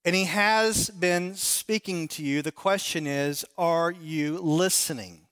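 A man preaching a sermon as a pastor, stressing key phrases by slowing down and acting out imagined prayers in a higher voice. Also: a bit bright, clear, resonant tone.

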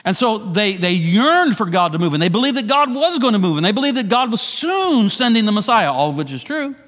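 A middle-aged man preaching a sermon as pastor, conversational and animated, with self-deprecating asides. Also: high voice, a little fast, long reverb tail. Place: church sanctuary.

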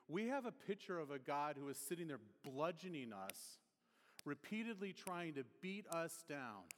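A man, preaching a sermon in a relaxed, conversational way and telling a personal story with humor. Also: on the high side. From Detroit area, USA. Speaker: pastor. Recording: reverberant hall.

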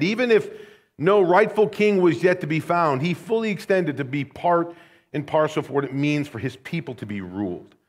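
An American man from the Chicago area preaching a sermon, telling stories in a conversational, wry, humorous way. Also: on the high side. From Rockford, Illinois, USA. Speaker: pastor. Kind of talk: sermon with personal storytelling.

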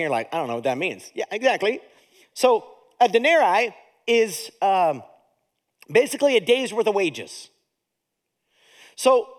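A man's voice sits high as he preaches as pastor, lively and conversational, mixing jokes and acted-out character voices into his sermon.

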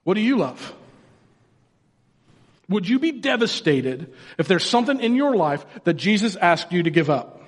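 A man, a pastor, giving a casual, joking sermon and acting out people's reactions. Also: high voice. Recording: long hall reverb.

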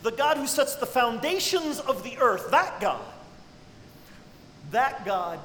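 A man preaching a sermon with great dynamics, dropping to hushed tones and then rising to cries. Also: very high voice, very animated, slow pace, pauses often, noisy background. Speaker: pastor. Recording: echoey hall with long reverb.

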